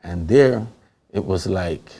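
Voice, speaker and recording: A low, gravelly man with a Panamanian Caribbean English accent tells his story as an interview guest. He jumps into the voices of people he quotes and laughs often as he talks, his voice rough with fry. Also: takes it slowly, a crowd in the background. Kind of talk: animated storytelling in conversation.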